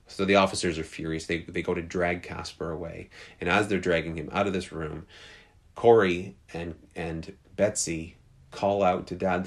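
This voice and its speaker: A man's voice: deep voice, fairly even intonation, normal speed. A man preaching, telling a story in an earnest way with frequent restarts. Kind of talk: storytelling sermon.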